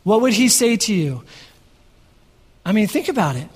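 A man preaching a sermon to his congregation in a church, energetic and often asking the room questions. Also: high voice, normal speed, slightly rough, big-room sound. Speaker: pastor. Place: church sanctuary. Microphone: headset microphone.

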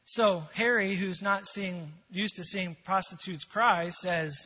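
A male preacher telling a story in a sermon, animated, moving from loud to hushed. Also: high-pitched, slow, slightly rough. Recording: long hall echo, dull sound.

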